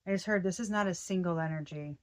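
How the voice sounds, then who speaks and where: A woman giving a casual tarot reading, excitable and slangy, often breaking off mid-sentence to start over. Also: fairly low pitch, fast. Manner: slangy and profane. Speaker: tarot reader.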